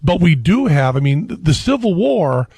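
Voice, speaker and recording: A man as a radio guest, telling rambling, animated stories and laughing often. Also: a little high, normal speed, husky, dry recording. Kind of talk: casual talk-radio conversation.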